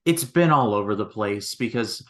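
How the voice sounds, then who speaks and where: Casting: lower-voiced man, casual movie-review host, animated. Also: normal speed. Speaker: film review podcast host. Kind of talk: casual chat.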